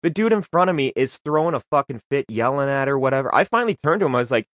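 A man's voice: mid-range voice, rapid-fire, no echo, clean studio sound. A man talking casually as a podcast guest, swearing freely and acting out his stories. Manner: profane, animated storytelling. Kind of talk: casual chat.

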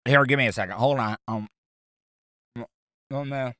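A man's voice: medium pitch, normal speed, pushed and bright, no room sound, clean studio sound. A man hosting a solo podcast, rambling with stammering restarts and crude jokes. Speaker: podcast host. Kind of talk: casual solo monologue.

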